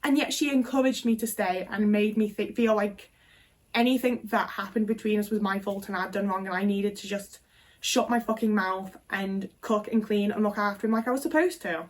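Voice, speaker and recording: A woman's voice: medium pitch, steady tone, moderate pace. A woman in her twenties, telling a personal story frankly and casually, swearing often and filling with "like". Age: 20s. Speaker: vlogger.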